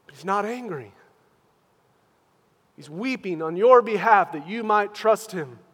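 Earnest high-voiced male pastor preaching. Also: lively intonation, measured pace, long reverb tail. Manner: earnest, questioning, swings from hushed to loud. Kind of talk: sermon.

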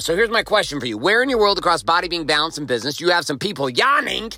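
Emphatic, bright-voiced male host. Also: fairly high pitch, sing-song, very fast, hardly any pauses, dry recording, rough recording. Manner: emphatic, repeats key lines. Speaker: podcast host. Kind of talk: motivational monologue.

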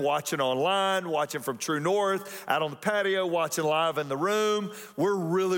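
A man with a high voice preaches to his congregation in a relaxed, joking way, drawing the crowd in with questions. His voice rings out with a long reverb in a church auditorium. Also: smooth. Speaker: pastor. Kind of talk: sermon.

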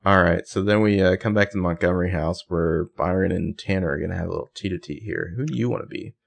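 A man's voice: low voice, quick pace, gravelly. A man co-hosting a podcast, recapping a show in casual chat with crude, wry jokes. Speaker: podcast co-host.

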